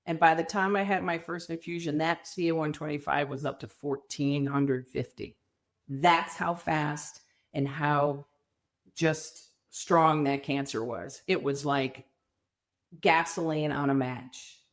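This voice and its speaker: Middle-aged woman, podcast guest, lowish voice, emphatic candid storytelling. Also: measured pace. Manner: animated, emphatic, acts out quoted people.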